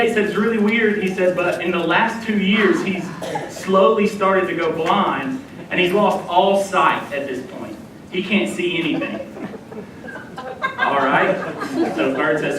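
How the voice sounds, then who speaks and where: A young man in his twenties, a youth minister from Dallas, telling a lively, self-deprecating story to a youth group. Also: sits high. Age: 20s. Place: church hall. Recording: echoey room from far off, noisy.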